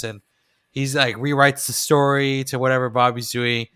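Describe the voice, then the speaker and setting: A man with a bright, smooth voice chats casually on a podcast, reacting and giving his takes on an episode. He talks in a relaxed way, with plenty of fillers, and his voice sits at an average pitch for a man. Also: normal speed. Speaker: podcast co-host. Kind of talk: casual chat about a cartoon episode.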